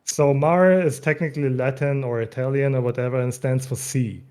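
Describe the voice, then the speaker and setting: Brief: male guest, dark mellow voice, easygoing explainer. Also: mid-range voice, moderate pace. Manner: relaxed, explanatory, laughs often. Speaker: mod developer, guest. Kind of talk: casual interview.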